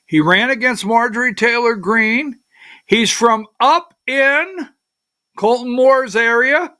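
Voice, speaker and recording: A man's voice: very high voice, bright, forceful tone. A middle-aged man hosting a political livestream talk show. He talks in a rambling, emotional way and calls to the producer for slides.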